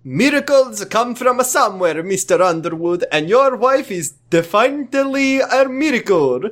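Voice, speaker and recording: A man's voice: on the high side, animated, unhurried, pushed and bright. A man putting on a hammy fake-Italian doctor. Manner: exaggerated comic accent, broken English.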